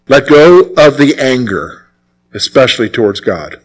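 A man's voice: medium pitch, big pitch swings, unhurried, husky. A man preaching a sermon as pastor, exhorting his listeners and driving points home by repeating them. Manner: exhorting, repetitive.

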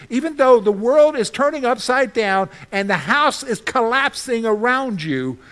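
A high-voiced male pastor preaches animatedly, asking the congregation questions and answering them himself. For humor, he acts out his own panicked reactions.

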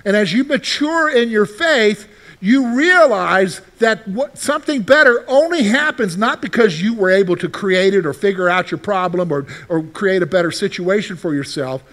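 A man preaching a sermon with a high, lively voice that rises and falls widely. He keeps turning to the congregation with rhetorical questions. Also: moderate pace. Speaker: pastor.

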